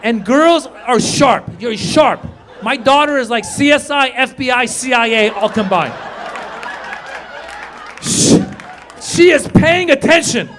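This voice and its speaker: A middle-aged man doing a stand-up comedy set, telling stories with animated delivery and squeaky put-on voices. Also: slow, long pauses, some chatter behind. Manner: animated storytelling, acts out high squeaky voices. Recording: live stage mic, audience laughter. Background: audience laughter and room ambience.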